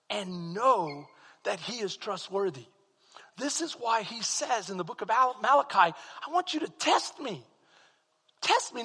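A man preaching a sermon as pastor, swinging from quiet, slow passages to loud shouted peaks. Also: high-pitched, creaky, breathy edge. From Texas. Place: church sanctuary. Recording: long hall reverb.

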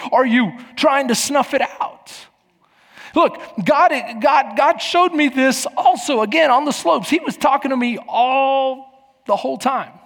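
A middle-aged man preaches from the pulpit with a fairly high voice. His words ring out in a hall with a long reverb. He tells lively stories and acts out each voice in them. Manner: animated storytelling, acting out voices. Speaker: pastor. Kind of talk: sermon.

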